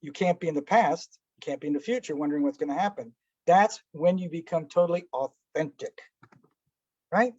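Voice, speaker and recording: A man's voice: on the high side, fairly quick, darkish tone, breathy edge, no echo. A man giving a casual spoken lesson on breathing and meditation, asking rhetorical questions and acting out little anecdotes. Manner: conversational, asks rhetorical questions, acts out anecdotes with little voices. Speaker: meditation teacher. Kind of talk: relaxed spoken teaching talk. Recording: dull lo-fi dry recording.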